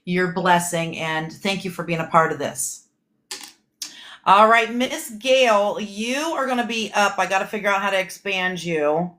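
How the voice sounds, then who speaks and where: A woman's voice: medium pitch, steady tone, measured pace, fairly bright tone. Upbeat woman hosting a video call. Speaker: team leader and host.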